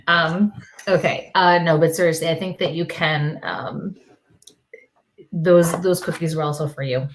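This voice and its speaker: A woman with a fairly low voice gives a psychic reading on a live stream. She talks haltingly, pausing and drifting into soft murmured repeats. She feels hot and clammy. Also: fairly even intonation, a little hiss or hum, rough recording. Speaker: medium, co-host.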